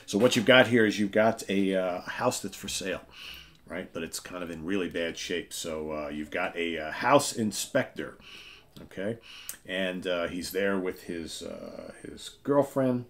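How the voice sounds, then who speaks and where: A man with a deep, low voice walks through an old comic, page by page. He reads captions aloud and keeps checking in with listeners. The tone is loose and conversational. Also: very animated, unhurried. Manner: chatty, keeps checking in with "right?". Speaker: comic book show host. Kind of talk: casual comic book walkthrough.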